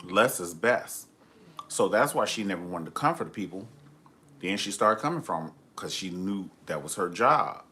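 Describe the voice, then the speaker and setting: Sassy, campy man with a lively voice. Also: sits low, moderate pace. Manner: sassy, campy, gossipy and theatrical. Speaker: host of a live review show. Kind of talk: live-streamed reality TV review chat.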